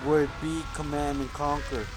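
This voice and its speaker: A man's voice: fairly high pitch, little pitch movement, a little slow, noisy background. A man doing casual gameplay commentary as a let's play host, rambling and correcting himself as he goes. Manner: rambling, self-correcting storyteller. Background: game music playing.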